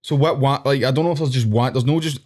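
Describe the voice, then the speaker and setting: A Scottish man, a podcast co-host, defending himself excitably in casual banter. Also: medium pitch, fast talker.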